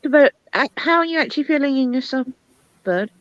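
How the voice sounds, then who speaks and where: A woman's voice: sits high, expressive, fairly quick, no echo. A woman in a casual panel chat, friendly and asking how others feel. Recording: dull, dry lo-fi line.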